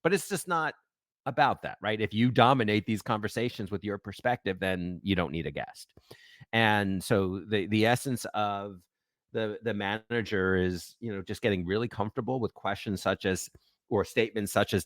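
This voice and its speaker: A man with a fairly low voice speaks as an expert guest in a podcast interview. He explains at a measured pace, often pausing with ums. The sound is dry and close. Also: fairly bright tone, no echo.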